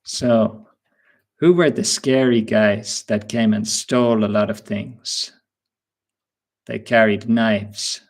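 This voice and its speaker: Male teacher, husky voice, slow and patient, quizzing an online class. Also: lowish voice, fairly even intonation. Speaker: English teacher. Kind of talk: live webinar lesson.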